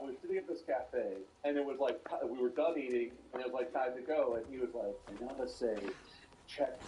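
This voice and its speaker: American man, casual podcast chat, animated, roomy echo, noisy background. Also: distant mic. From United States. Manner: animated storytelling, quick swearing, jumps into high mock voices. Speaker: podcast co-host.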